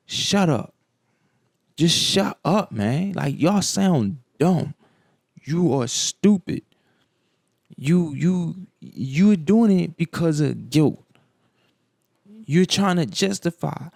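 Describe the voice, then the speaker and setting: A man with a gravelly voice delivers blunt, profane reaction commentary at a slow, deliberate pace. His voice is recorded close and dry, with no room sound. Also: on the high side, lively intonation, darkish tone, no echo. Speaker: commentary host.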